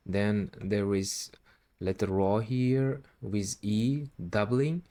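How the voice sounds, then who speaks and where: A man teaching Quran recitation step by step, patiently repeating syllables slowly. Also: fairly low pitch, mellow. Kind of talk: slow step-by-step recitation lesson.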